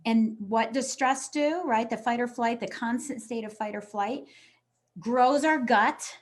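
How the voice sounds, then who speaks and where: A woman's voice: fairly high pitch, a little slow. Earnest woman guest coach. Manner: earnest, explanatory, quotes people in voices. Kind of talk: casual interview chat.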